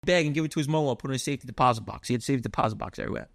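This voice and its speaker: Fast-talking New York man, swearing. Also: mid-range voice, vocal fry. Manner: animated, swears often, acts out voices. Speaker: interview guest. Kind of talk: casual storytelling.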